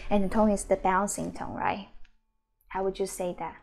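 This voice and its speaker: A woman, the founder and teacher of a Mandarin school, giving a beginner lesson and sounding out each syllable slowly and repeatedly. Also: medium pitch, steady tone, creaky, a little mellow, faint music behind. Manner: slow, drawn-out model pronunciations with repeated syllables.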